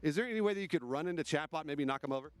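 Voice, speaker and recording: A man's voice: fairly high pitch, expressive, racing, crowd noise. A man co-hosting an event stream, bantering playfully and teasing the guests. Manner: teasing and chatty.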